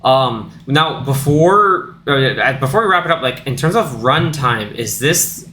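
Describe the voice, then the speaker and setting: A man co-hosting a film podcast, chiming in with quick reactions and questions and thinking aloud with restarts. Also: mid-range voice, lively intonation, sharp tone. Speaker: podcast co-host. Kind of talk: casual film discussion. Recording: echoey room with faint noise.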